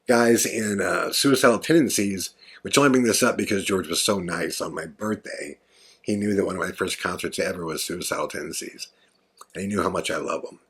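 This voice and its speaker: A man with a husky, breathy edge tells a long story as a podcast host. His manner is casual and confiding, wandering through asides and fillers. His voice sits very low with a gravelly fry. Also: brisk, a bit bright. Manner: rambling, conversational, with frequent fillers.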